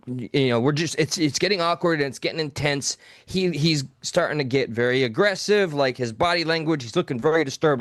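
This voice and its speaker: A man's voice: a little high, dry recording, studio quality. Blunt, profane male talk show host. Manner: profane, blunt, animated storytelling. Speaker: podcast co-host. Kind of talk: casual live talk show storytelling.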